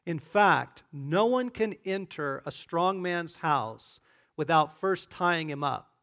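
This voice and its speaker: A man reading a calm, commanding teacher. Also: on the high side, slow, full character voice. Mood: authoritative. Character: Jesus as a calm, authoritative male teacher.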